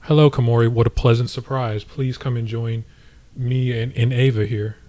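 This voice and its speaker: A man playing a polite, earnest young employer who speaks courteously and softly. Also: medium pitch, steady tone, normal speed, lightly acted. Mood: gentle. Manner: courteous and soft-spoken.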